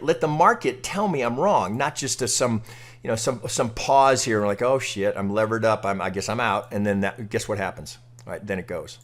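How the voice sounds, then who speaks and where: A man's voice: medium pitch, a bit bright. A man teaching chart trading in a casual, blunt way, asking rhetorical questions and cursing now and then. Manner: casual, rhetorical, peppers talk with "right?" and mild cursing. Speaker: trading educator. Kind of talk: screen-recorded chart walkthrough.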